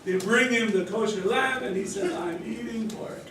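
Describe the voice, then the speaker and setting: A higher-voiced man, a rabbi teaching a study group, lectures through story cases at normal speed in an echoey hall, with slight background noise. He animatedly acts out the characters' quoted lines and quizzes listeners with questions and chuckles. He's recorded far off in a very echoey room.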